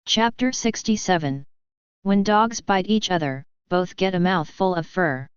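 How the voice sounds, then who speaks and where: A woman narrating a fan-fiction audiobook in a steady, even reading manner. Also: on the low side, clear, resonant tone, no room sound. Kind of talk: scripted narration. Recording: dry, slightly dull lo-fi.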